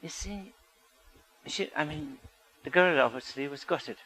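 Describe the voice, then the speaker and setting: A man's voice: fairly high pitch, measured pace, a bit bright, husky, rough recording. A man giving a public talk as a psychologist, earnest and asking the audience rhetorical questions.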